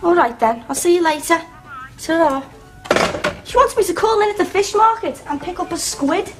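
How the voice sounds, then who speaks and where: A woman's voice: extremely high pitch, lively intonation, normal speed, over music. An actress playing a dry-witted, down-to-earth woman who teases in studio sitcom style. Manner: dry and teasing. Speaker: sitcom character, friend of the hostess. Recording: studio audience laughter, background noise.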